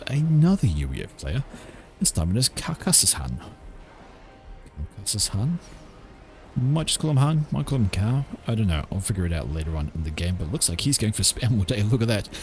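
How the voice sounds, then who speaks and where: A man casting a strategy game with casual play-by-play commentary, chatty and joking in his asides. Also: low voice. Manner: chatty, with offhand jokes and asides. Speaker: game caster.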